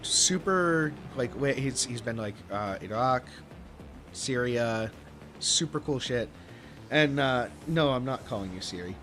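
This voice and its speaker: A young man talks casually on an online call, rambling and swearing, his pitch moving a lot. Music plays clearly behind him. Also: animated, measured pace, a bit bright. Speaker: racing driver. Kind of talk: casual chat.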